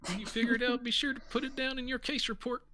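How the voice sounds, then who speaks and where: A woman's voice: a little high, steady tone, fast talker, background noise, pitched above the performer's own voice, close to an everyday voice. A woman putting on a blustery folksy old mayor. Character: blustery self-important male mayor, older.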